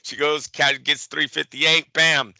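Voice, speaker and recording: A man co-hosting a show, telling a story in casual chat, animated and profane, acting out the people he quotes. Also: on the high side, unhurried, gravelly, dry recording, poor audio. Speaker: boxing show co-host.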